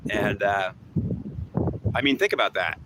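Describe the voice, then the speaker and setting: A man's voice: fairly low pitch, a little slow, very noisy. A man talking in a rambling, repetitive monologue, often restarting his sentences.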